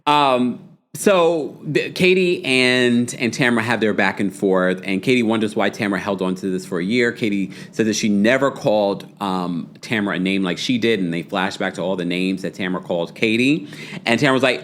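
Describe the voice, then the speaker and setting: A man's voice: lowish voice, normal speed. A young man hosting a reality TV recap show, talking in a casual, gossipy way and acting out quoted lines. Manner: animated and gossipy, with exaggerated quoted voices. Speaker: podcast host recapping reality TV.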